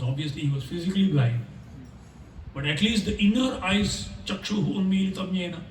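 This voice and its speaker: A man giving a scripture class at a home program, telling stories with lively voices for the characters. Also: high voice, a little hiss or hum. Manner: animated storyteller who acts out the characters' lines. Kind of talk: storytelling sermon. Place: home gathering room. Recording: echoey room, mic at a distance.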